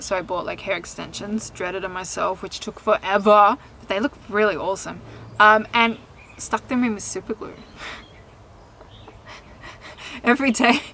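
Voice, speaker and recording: A young woman talks to her camera outdoors in a relaxed, candid vlog. Her voice is bright and clear, at a middle pitch. She laughs easily and swears offhandedly. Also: a little hiss or hum, rough recording. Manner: chatty, candid, laughs often, swears casually. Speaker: vlogger and singer. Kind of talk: casual chat to camera. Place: outdoors in sunshine.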